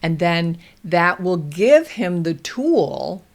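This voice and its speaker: Slow, deliberate woman parenting host. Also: lowish voice. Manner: calm, deliberate and coaching. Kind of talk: instructional parenting talk.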